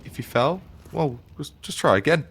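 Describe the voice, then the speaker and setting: A man calling a competitive shooter match as play-by-play caster, with lively, punchy calls and slang. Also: fairly high pitch, normal speed, a little hiss or hum. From Canada. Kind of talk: esports play-by-play commentary.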